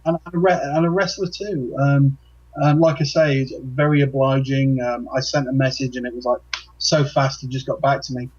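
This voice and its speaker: A man co-hosting a casual chat, talking in a halting way with many pauses and restarts. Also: medium pitch, fairly even intonation, darkish tone, husky. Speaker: co-host. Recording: dull, lo-fi.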